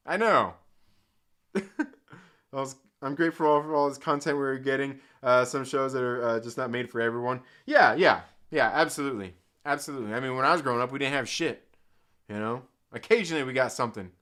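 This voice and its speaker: With a medium-pitched, sharp-toned voice and a brisk pace, a man hosts a laid-back live stream. He reads the chat, rambles, curses freely, laughs a lot, and says "like" constantly.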